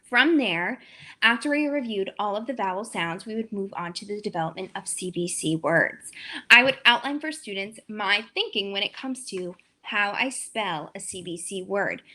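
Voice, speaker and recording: A young adult woman teacher walking through a demo phonics lesson, stretching out each letter sound slowly and clearly. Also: mid-range voice, lively intonation, sharp tone.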